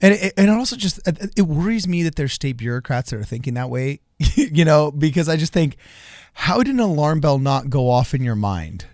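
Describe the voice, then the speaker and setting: A man's voice: fairly high pitch, brisk, dry recording, clean studio sound. Earnest, chatty male podcast co-host. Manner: earnest, animated, repeats himself and laughs while talking. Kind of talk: casual political podcast chat.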